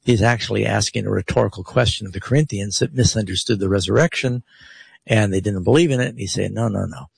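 Husky, gravelly-voiced male radio Bible host. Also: lowish voice, fast. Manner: explains scripture with rhetorical emphasis. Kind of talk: radio call-in Bible answers. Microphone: studio radio mic.

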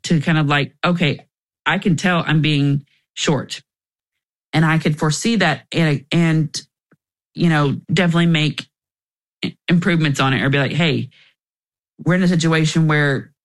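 A young woman, a guest in an interview, telling her personal story candidly and emotionally, with restarts along the way. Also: deep voice.

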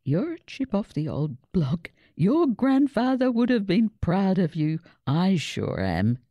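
A woman's voice: mid-range voice, big pitch swings, measured pace, dry recording, lo-fi sound, pitched above the performer's own voice. A woman voicing a kind, earnest father in a story read aloud. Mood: proud. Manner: kindly, earnest.

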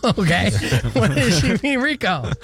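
A man hosts a radio show with a lively, bouncing delivery, playfully quizzing his co-hosts and laughing often. His voice sits a bit high, and faint music runs underneath. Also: unhurried, gravelly. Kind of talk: casual radio banter, quiz game.

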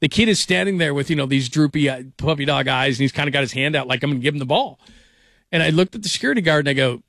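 A middle-aged man hosting a sports talk show, chatting casually and telling animated stories. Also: on the high side, rapid-fire, no room sound, clean studio sound.

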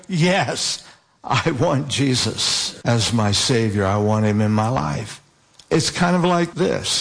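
A man preaching a sermon, slowing down to stress scripture quotes and repeated words. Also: a little high, a bit bright.

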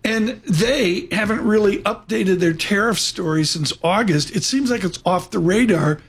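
A man with a high, husky voice hosts a market show, chatting fast and hopping from one topic to the next. He sounds loose and conversational. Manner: quick, chatty, jumping between topics. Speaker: host. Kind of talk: live financial talk radio hosting.

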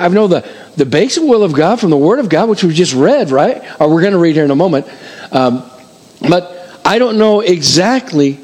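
Older guy pastor, chatty lively sermon, repeats himself for emphasis, slightly high voice. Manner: animated, conversational preaching with repeated phrases.

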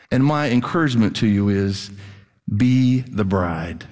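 In a church hall with long reverb, a middle-aged pastor addresses his church in a sermon, conversational in tone and blunt in emphasis. His medium-pitched voice is a little mellow, and his pace is measured.

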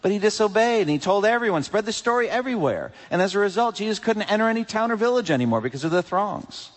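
A man preaching a sermon with emphatic swings between loud peaks and hushed drops. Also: high voice, animated, fast, big-room sound. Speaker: pastor.

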